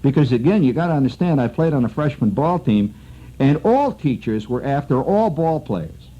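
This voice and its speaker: Middle-aged male radio storyteller with a mellow voice, lively and digressive, on a muffled old broadcast. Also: medium pitch, normal speed. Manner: rambling, animated storyteller full of asides. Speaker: radio host. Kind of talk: storytelling monologue.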